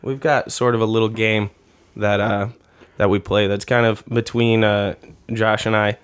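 A man's voice: lowish voice, level tone, normal speed, clean tone. A man co-hosting a comedy podcast, chatting crudely and laughing his way through reading a news story aloud. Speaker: podcast co-host.

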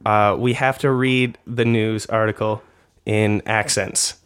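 A man's voice: lowish voice, fairly even intonation, slow, a bit bright, clean tone. A man co-hosting a comedy podcast, chatting crudely and laughing his way through reading a news story aloud. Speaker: podcast co-host.

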